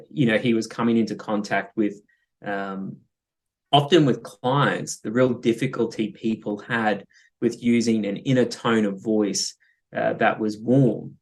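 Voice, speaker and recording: A man speaking as a guest psychologist in an interview, thoughtful and hesitant, with many fillers and light laughs. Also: lowish voice. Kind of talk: interview conversation.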